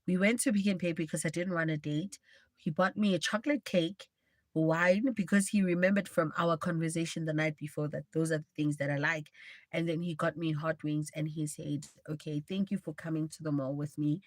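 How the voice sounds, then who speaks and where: A woman's voice: low-pitched, fairly even intonation, normal speed, no room sound. A woman livestreaming, telling a dramatic personal story in a chatty way and talking straight to her viewers. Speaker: livestream host. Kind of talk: casual storytime.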